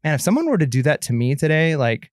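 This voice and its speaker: Podcast co-host, thirties, male, slightly high smooth voice, rambling storyteller, dry close mic. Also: very animated, fast talker, a little mellow, dry recording. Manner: rambling, lots of filler and restarts. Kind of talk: casual chat, storytelling.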